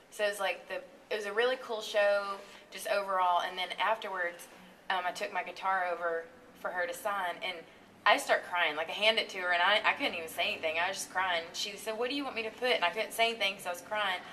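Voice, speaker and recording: A woman singer as a radio interview guest, talking in a chatty, animated way and laughing often. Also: mid-range voice, fast talker, far from the mic, a little hiss or hum, low-quality recording. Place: radio studio.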